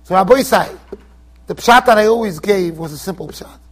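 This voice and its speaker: A man giving an informal Torah lecture as a rabbi, animated and joking, repeating phrases for emphasis. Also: high-pitched, fairly quick. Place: yeshiva lecture hall.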